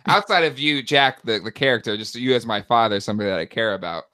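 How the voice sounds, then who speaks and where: A man's voice: mid-range voice, fast, pushed and bright, dry recording, clean studio sound. A man co-hosting a podcast over a video call, teasing his friends in a mock-earnest way. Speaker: podcast host. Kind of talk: casual video-call chat.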